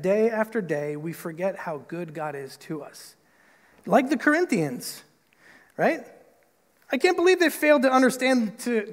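In a church sanctuary, a male pastor delivers a sermon in a chatty way, sprinkling in plenty of "like" and "right?" fillers. He performs quoted voices with big leaps in pitch, and the hall's long reverb carries through the recording.

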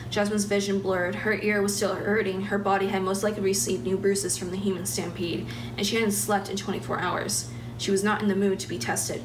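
A woman's voice: mid-range voice, fairly quick, few pauses. Woman reading fiction in a roomy space. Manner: steady reading with small restarts. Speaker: graduating writer. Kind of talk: reading her own fiction. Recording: roomy, distant mic, background noise.

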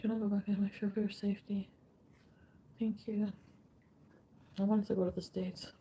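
A woman's voice: medium pitch, level tone, normal speed, warm tone, slight background noise. A woman live streaming, reading out viewer comments in an emotional way and swearing often.

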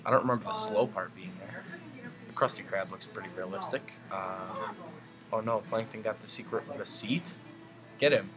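A young man doing goofy gameplay commentary, muttering asides and then breaking into high excited yells. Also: moderate pace, over music.

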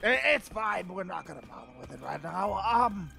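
A man voicing an arrogant, hot-headed alien warrior prince while playing a video game, swearing and shouting at it. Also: sits high, lively intonation, normal speed, gravelly, heavily acted. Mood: ranting, gaming. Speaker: let's-play gamer. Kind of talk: gaming commentary in character. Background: game music.

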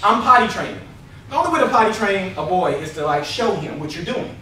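A Los Angeles man performs stand-up in a small late-night convention comedy room, animated, blunt, and profane, laughing through his stories. His voice sits high and moves briskly, with slight background noise. With no microphone, he's picked up from a distance in an echoey room, while the live crowd laughs and calls out.

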